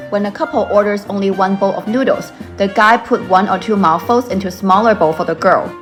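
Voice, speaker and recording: A woman reads a scripted explainer in a steady, informative tone at a middle pitch. Clear music plays underneath her voice throughout.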